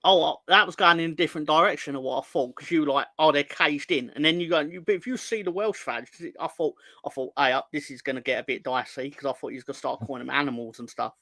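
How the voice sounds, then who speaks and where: A London man with a bright, forward voice and a slightly high pitch co-hosts a football podcast. He rambles and jokes, drifting between tangents and viewer comments. The sound is close and dry, with no room around it. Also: quick pace, hardly any pauses, no room sound. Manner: rambling, joking, reads viewer comments aloud. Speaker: podcast co-host. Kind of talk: casual football podcast chat.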